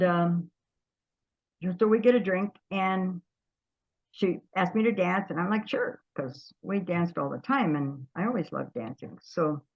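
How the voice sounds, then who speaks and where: An older woman, an interview guest, telling stories from her past in a lively way, often trailing off and starting over. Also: mid-range voice, dull audio. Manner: lively storyteller, trails off and restarts. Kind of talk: storytelling reminiscence.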